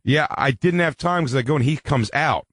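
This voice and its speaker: A man's voice: mid-range voice, moderate pace, a bit bright, dry recording. A man co-hosting a radio comedy show, telling a story in casual chat, swearing a lot and acting out other people's lines in a raised voice.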